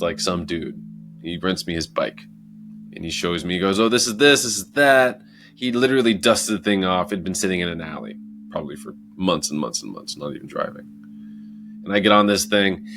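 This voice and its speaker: A man telling a personal story in a casual, animated motivational talk, acting out moments as he goes. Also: sits low. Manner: animated, acts out his own story with lively asides. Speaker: motivational speaker.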